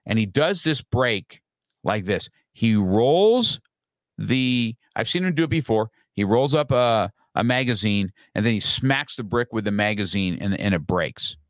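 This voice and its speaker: A middle-aged man on a podcast, telling a story in a lively, casual way and acting out his own lines from the past. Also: on the low side, measured pace, no room sound. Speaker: podcast guest.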